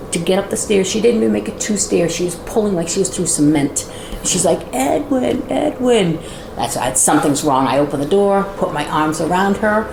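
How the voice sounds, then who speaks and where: A woman's voice: medium pitch, vocal fry. A woman telling a firsthand story as a house guide, acting out the voices of the people in it, recorded inside a large old house. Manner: lively, acts out quoted voices. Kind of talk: animated storytelling. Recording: echoey room with background noise.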